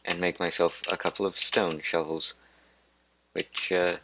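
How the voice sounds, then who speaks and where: Male let's-play host, deep and unhurried, wanders off on tangents and pokes fun at himself. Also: little pitch movement, vocal fry, background noise. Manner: rambling, digressive and self-mocking. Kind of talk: gameplay commentary.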